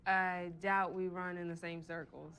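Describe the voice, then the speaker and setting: An actress playing a prim, churchgoing young marriage counselor who is primly dismissive. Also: female voice, on the low side, little pitch movement, a little slow, over a noisy crowd. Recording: echoey with loud film music.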